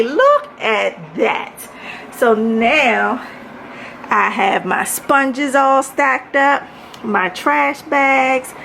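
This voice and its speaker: Woman from maryland, slow gravelly voice, chatty kitchen tour, faint hum behind. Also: sits high, fairly bright tone. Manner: chatty, addresses viewers as y'all. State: out of breath. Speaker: home organization vlogger. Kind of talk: casual home tour vlog. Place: home kitchen, evening.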